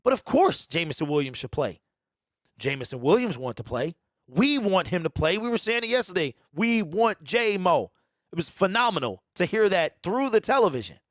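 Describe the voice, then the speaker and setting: A man hosting a live sports talk stream, excitable and repeating himself as he riffs. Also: high-pitched, moderate pace, dry recording, clean studio sound. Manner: excitable, repeats himself, mocks fans in a mimicking voice. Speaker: sports show host.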